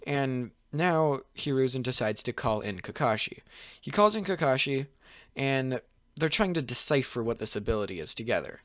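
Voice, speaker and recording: A man's voice: mid-range voice, lively intonation, normal speed, no echo. A young man talking through a fan-made story off the cuff, looping back with filler words and restarting sentences as he goes. His voice is dry and close, with no room sound around it. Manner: rambling, full of "pretty much" and "like", frequent restarts. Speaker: channel host. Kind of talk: casual fan-fiction storytelling.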